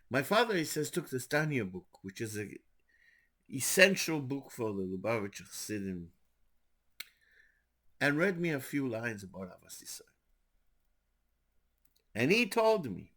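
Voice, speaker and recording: An older man, a rabbi, telling stories in a sermon with animated, rising emphasis. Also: medium pitch, moderate pace, long pauses. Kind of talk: storytelling sermon.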